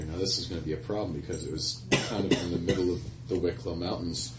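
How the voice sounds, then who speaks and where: Deep-voiced man telling a stage story. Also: steady tone, fast talker, very noisy. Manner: rambling, laughing anecdote with self-corrections. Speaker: singer-songwriter performing live. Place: live music venue with audience. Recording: echoey live room from far off.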